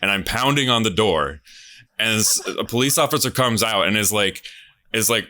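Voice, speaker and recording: Low-voiced man telling a rambling story. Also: moderate pace. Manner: rambling, animated anecdote with many fillers. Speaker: game show contestant. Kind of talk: casual storytelling.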